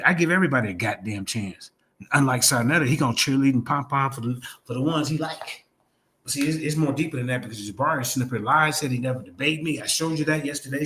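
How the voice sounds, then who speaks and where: A man's voice: medium pitch, fairly bright tone. A man hosting a livestream, ranting in a combative, profane, trash-talking way. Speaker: streamer host. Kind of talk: heated livestream rant.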